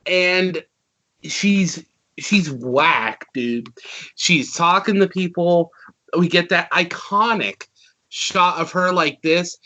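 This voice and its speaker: A man casually reviewing a cartoon episode, animated and ranting, swearing freely as he talks. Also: sits high, poor audio.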